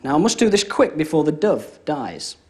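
A man's voice: fairly high pitch, very animated, normal speed, noisy background. A young man performing comedy close-up magic, chatty and joking, always checking in with "all right?". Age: young adult. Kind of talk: comic close-up magic patter. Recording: live TV studio with audience.

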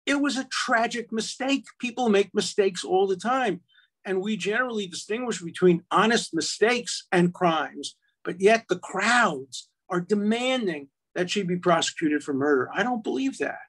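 A man's voice: sits high, animated, normal speed, a bit bright. An older man, an attorney and law professor, arguing emphatically in casual conversation with frequent restarts.

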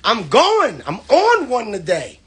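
Hyped, high-voiced comedian man. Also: wildly swooping pitch, slow pace, breathy edge. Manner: hyped, loud and playful, swears constantly, laughs between lines. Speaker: comedian hosting his own live stream. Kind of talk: hyped, profane live-stream rant. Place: at home.

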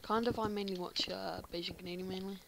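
A woman's voice: medium pitch, steady tone, fast, gravelly, heavy background noise. An English woman giving casual commentary while playing Minecraft, chatty and often muttering half-whispered asides to herself. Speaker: Minecraft player.

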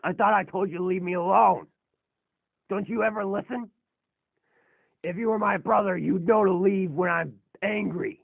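A man's voice: high-pitched, steady tone, normal speed, vocal fry, pauses often, slightly rough, dry recording, full character voice. A man voicing a giant, ancient male robot god in a fan robot drama, sounding bewildered and grumpy. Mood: irritable. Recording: tinny lo-fi phone-like recording.

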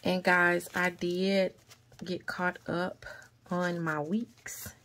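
A woman's voice: fairly low pitch, level tone, extremely slow, fairly bright tone, a little hiss or hum. A woman chatting casually to viewers in a budgeting vlog while counting cash aloud and calling them y'all. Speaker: budgeting vlogger.

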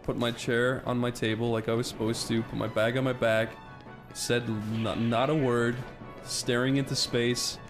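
A young man chatting casually over a video game, telling stories and jumping into shouted voices when quoting people. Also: mid-range voice, little pitch movement, moderate pace. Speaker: let's play commentator. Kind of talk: casual gaming chat with storytelling. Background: game music.

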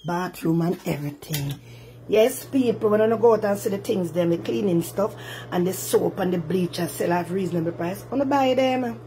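A woman's voice: fairly low pitch, moderate pace, warm tone, a little hiss or hum. An older woman with a Jamaican accent chatting casually through a home cooking vlog, often calling her viewers "my dear child.". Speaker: cooking vlogger. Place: home kitchen and house.

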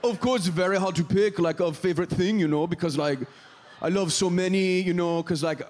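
A man's voice: medium pitch, slow, a little hiss or hum. A man on a comedy stage doing an impression of a bubbly foreign woman coworker in broken English with a made-up, unplaceable accent. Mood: excited. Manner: gushing, filler-heavy, excitable. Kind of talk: stand-up impression.

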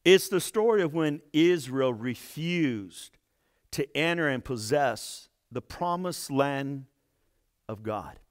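A man pastor preaching a sermon, reading scripture dramatically with acted-out quotes and dropping to quiet low asides between loud points. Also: animated, takes it slowly.

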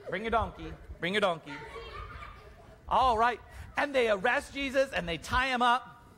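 A man narrates a children's Easter play, steering the kids through each scene with playful asides. His voice sits high and swings widely in pitch. A long echo from the church hall trails behind his words. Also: moderate pace, slight background noise. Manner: animated, playful storytelling to children.

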